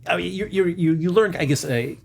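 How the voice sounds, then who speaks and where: A man hosts a casual interview and speaks quickly. His questions come out with restarts and small hesitations. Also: high-pitched, vocal fry.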